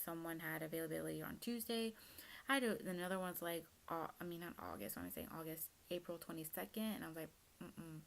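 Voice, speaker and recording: A woman's voice: fairly low pitch, lively intonation, fast, creaky. A young woman in her twenties telling a personal story in a chatty, casual way, full of fillers. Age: young adult. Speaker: vlogger.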